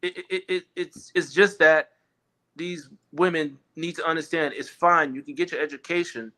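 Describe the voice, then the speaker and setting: A man's voice: fairly high pitch, fairly even intonation, moderate pace, sharp tone. A man talking in a casual, opinionated chat, emphatic and rambling, often restarting his sentences.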